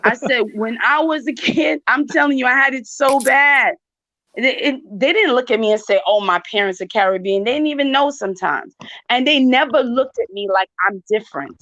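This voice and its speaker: A woman's voice: fairly high pitch, expressive, a little fast, a bit bright, no room sound. A woman, talking emphatically and directly to her viewers in a casual chat. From New York. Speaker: channel host. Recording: dry, dull lo-fi sound.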